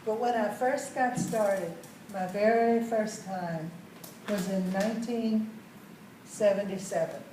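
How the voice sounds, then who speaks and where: A woman's voice: mid-range voice, takes it slowly, warm tone, a little hiss or hum. Folksy woman telling a story, echoey room. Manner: folksy, chatty, asks the audience questions. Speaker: sales manager telling her story. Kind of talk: storytelling talk to a group. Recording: echoey room, mic far off.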